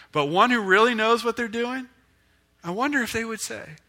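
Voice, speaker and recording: A male pastor giving a conversational, self-deprecating sermon with lively rises and falls in pitch. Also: brisk.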